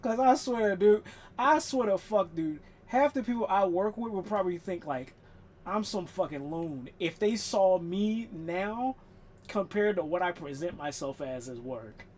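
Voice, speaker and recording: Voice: medium pitch, lively intonation, unhurried, darkish tone, a little hiss or hum. A live streamer chatting casually while gaming, rambling and swearing, laughing often.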